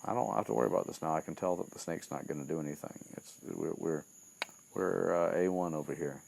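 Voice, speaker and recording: A man's voice: very deep voice, quick pace, creaky, a little mellow, heavily acted. A man voicing a laid-back teenage boy wizard who talks in slang, swears and shrugs things off. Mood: smug.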